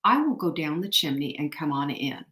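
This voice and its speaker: A woman's voice: sits low, very animated, normal speed, pushed and bright, voice pushed down, full character voice. A woman voicing a tricky big bad male wolf in a storybook tale, recorded in an echoey room. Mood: threatening.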